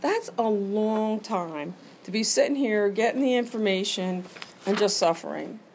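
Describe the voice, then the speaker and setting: A woman's voice: medium pitch, expressive, unhurried, a little mellow, slight background noise. A middle-aged woman speaking at a recovery meeting, telling her own story in a candid, earnest way and acting out her inner voice. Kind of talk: personal recovery share.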